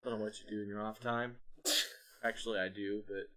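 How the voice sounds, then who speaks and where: A man's voice: fairly low pitch, quick pace. A young man co-hosting a podcast, chatting casually and acting out the people in his stories. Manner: animated storyteller, acts out voices in anecdotes. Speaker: podcast co-host. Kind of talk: casual chat.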